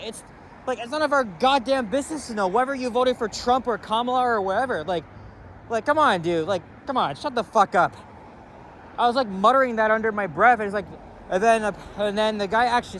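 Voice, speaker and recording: Man, high-pitched, angry profane rambling walk-and-talk vlog, faint traffic noise behind. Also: fairly bright tone. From Canada. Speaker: walking vlogger. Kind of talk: casual ranting walk-and-talk. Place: city street outdoors near traffic.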